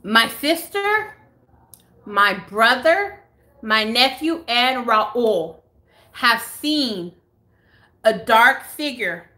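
Woman in her own home, live phone vlog, tells a story casually, swears a lot and acts out every quote, bright and lively. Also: on the high side, very slow, long pauses. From United States. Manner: animated, swears freely, acts out others' lines. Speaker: beauty vlogger. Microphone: phone camera.

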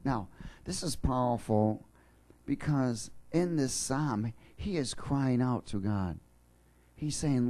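A man preaching a sermon in church, joking with the congregation and then building to fervent, shouted passion. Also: mid-range voice, lively intonation, slow. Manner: jokey, rising to fervent shouting. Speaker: pastor.

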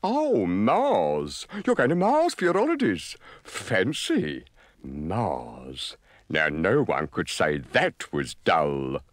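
A man voicing a mild, slightly glum male caterpillar for a storybook record, speaking slowly and wistfully. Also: low-pitched, wildly swooping pitch, a little hiss or hum, heavily acted.

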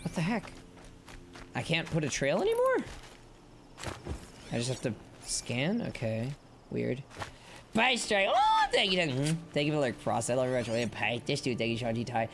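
A man streaming a video game live, playful and goofy, chanting silly lines and shouting at the game. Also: medium pitch, big pitch swings, a little fast, gravelly, a little hiss or hum. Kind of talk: live-stream gameplay commentary. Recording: game music playing behind.

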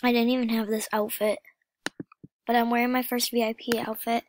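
A woman talking casually over a gameplay vlog, often dropping into a soft whisper. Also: on the high side, little pitch movement, fairly quick, no room sound. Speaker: gaming vlogger.

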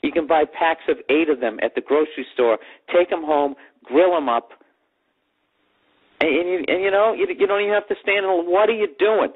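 A man's voice: on the high side, fairly quick, breathy edge. A man telling a profane comic story on his podcast, ranting and sarcastic, mimicking other people's voices. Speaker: comedy podcast host. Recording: tinny lo-fi podcast audio.

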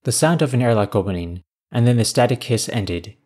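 Low-voiced male story narrator. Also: expressive, fairly quick, few pauses, darkish tone, slightly rough.

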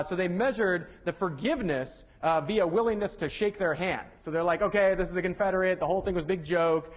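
A young man from the Southern United States giving a casual university lecture, chatty and correcting himself with joking asides. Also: sits high. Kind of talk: classroom lecture. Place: lecture hall.

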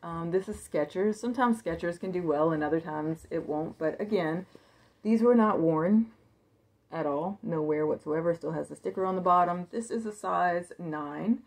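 A woman with a low voice walks through a haul of thrifted clothing in an easy, chatty way. Her voice often drops into a gravelly fry. She thinks out loud, stacking fillers as she goes. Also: moderate pace. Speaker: thrift reseller showing a haul. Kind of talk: casual haul video chat.

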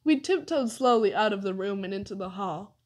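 A woman narrating a children's story aloud with an expressive reading. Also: mid-range voice, a little fast. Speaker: audiobook reader.

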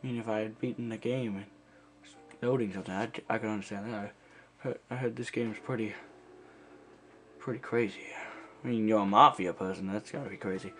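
A man's voice: on the low side, steady tone, a little fast, pauses often, a bit bright. A man giving rambling, playful commentary while he plays, joking around in put-on accents. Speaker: gameplay commentator. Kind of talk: casual let's-play commentary.

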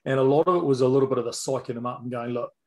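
A man's voice: medium pitch, rapid-fire. A middle-aged man with a New Zealand accent co-hosting a podcast, telling blunt stories with stammered restarts. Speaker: podcast co-host, former personal trainer. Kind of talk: casual chat.

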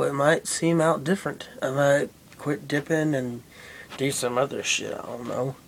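A man's voice: medium pitch, steady tone, measured pace, creaky, pauses often, a little hiss or hum. A young man rambling casually and profanely to his camera, with lots of fillers. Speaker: vlogger. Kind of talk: casual vlog chat.

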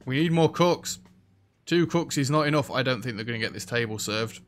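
A man giving casual, chatty commentary as he plays a restaurant sim, reacting loudly to what happens in the game. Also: mid-range voice, lively intonation, brisk. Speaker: let's play host. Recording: faint background music.

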